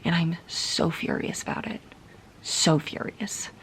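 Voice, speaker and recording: A woman's voice: fairly low pitch, a little slow, a bit bright, slight background noise. A young woman vlogging about a book she is reading, tired and venting in a frustrated, often whispered late-night rant. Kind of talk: casual reading vlog.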